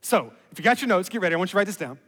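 High-voiced preacher in a reverberant hall. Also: male voice, very fast, husky. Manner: animated, builds to emphatic peaks. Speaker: pastor. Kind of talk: sermon. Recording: reverberant hall with music underneath.

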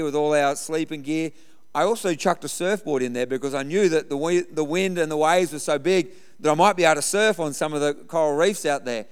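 A man's voice: on the high side, clean tone, long reverb tail. A middle-aged man preaching a sermon, telling stories and hammering points with repetition. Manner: storytelling, emphatic repetition. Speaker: pastor.

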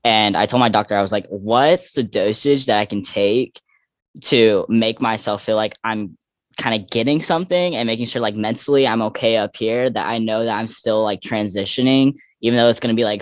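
A man's voice: lowish voice, moderate pace, hardly any pauses, no echo. A young man from Texas, a guest athlete talking casually in an interview, rambling with many fillers and restarts. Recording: dull lo-fi dry recording.

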